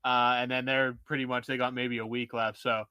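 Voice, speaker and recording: A man's voice: medium pitch, flat delivery, moderate pace, pushed and bright, clear, resonant tone, dry recording. A man in his thirties co-hosting a casual sports podcast, talking loosely with lots of fillers. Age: 30s. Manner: loose, filler-heavy chatter. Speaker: podcast co-host.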